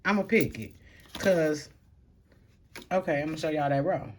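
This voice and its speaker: A woman doing a casual tarot reading to camera, talking bluntly in slang and swearing freely, moving between calm stretches and loud outbursts. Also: deep voice, a little slow, a little hiss or hum. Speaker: tarot reader.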